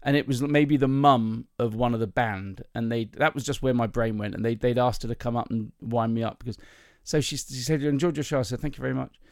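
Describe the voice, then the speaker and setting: A man's voice: medium pitch, steady tone, fairly quick, few pauses, a little mellow, no echo, clean studio sound. A male comedian hosting a podcast, telling chatty, self-mocking anecdotes in a casual voice with plenty of ums and restarts. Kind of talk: casual storytelling chat.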